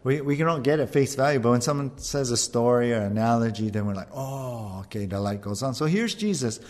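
A man preaching a conversational sermon, animated and often checking in with the listeners. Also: medium pitch, a little fast, big-room sound. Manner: conversational, animated, keeps asking "right?". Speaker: pastor.

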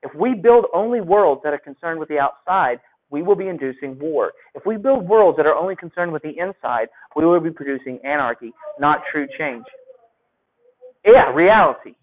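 A man's voice: a little high, expressive, moderate pace. A male teacher giving a classroom lecture, talking conversationally and asking his students questions. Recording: phone-like lo-fi audio.

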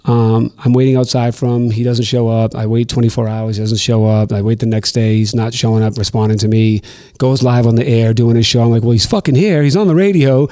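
Profane, animated man telling stories. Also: mid-range voice, brisk. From Boston. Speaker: guest, producer and DJ. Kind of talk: casual storytelling on a podcast.

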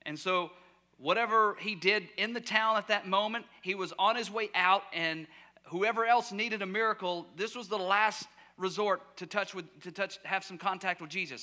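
A man preaching a sermon as pastor, telling the story with lively acted-out voices and shouted cries, sometimes dropping to a near-whisper. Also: high-pitched. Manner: drops to a soft near-whisper at quiet moments. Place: church sanctuary.

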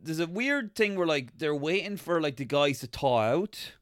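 Bright, dry-sounding man chatting casually. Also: a little high, lively intonation, normal speed, dry recording. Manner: rambling, acts out characters in silly voices. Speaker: podcast co-host. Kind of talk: casual comedic chat recapping a TV show.

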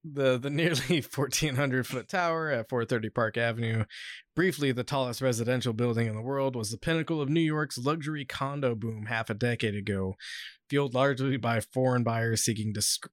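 A man with a medium-pitched voice hosts a casual podcast at normal speed, rambling with lots of fillers and swearing, and sometimes reading passages from an article aloud. The recording is dry.

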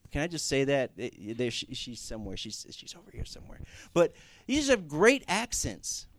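A man's voice: mid-range voice, no echo. A young man preaching a sermon in a conversational way, rising to emphatic Scripture reading.

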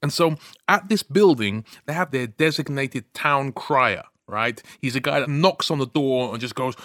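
A man co-hosting a podcast, telling a story in a casual, animated way. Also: medium pitch, normal speed, dry recording, clean studio sound. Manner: animated storyteller, frequent "you know what I mean". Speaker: podcast co-host.

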